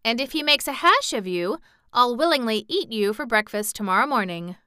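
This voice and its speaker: A woman's voice: a little high, lively intonation, normal speed, bright, forceful tone, smooth, no echo, clean studio sound, voice pushed up. A woman voicing a big hungry male tiger who makes teasing threats, in a storybook reading.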